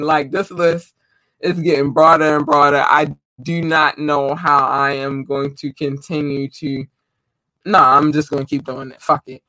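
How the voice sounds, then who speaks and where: Excited, effusive man with a high, bright voice. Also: moderate pace, dry recording, low-quality recording. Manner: excited, effusive, stumbles over place names. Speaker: host shouting out listeners. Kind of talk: casual chat.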